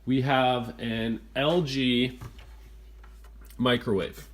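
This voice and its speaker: Exasperated male homeowner, handheld home-video complaint, hurried retelling. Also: mid-range voice, fairly even intonation. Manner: exasperated, retelling events in a rush. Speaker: homeowner reviewing appliances. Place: inside a home kitchen.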